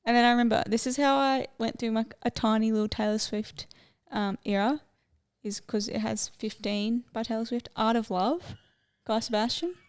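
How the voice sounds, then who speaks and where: Chatty young woman with gravelly fry. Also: a little high, moderate pace, few pauses. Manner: chatty, rambling, easily sidetracked. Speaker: podcast co-host. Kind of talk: casual chat.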